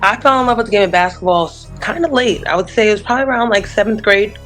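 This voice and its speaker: A woman's voice: medium pitch, fast, soft background music. A young woman, a basketball coach from Long Island, chatting easily in an interview. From Long Island, New York. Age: young adult. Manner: chatty, relaxed, laughs easily. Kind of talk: casual interview.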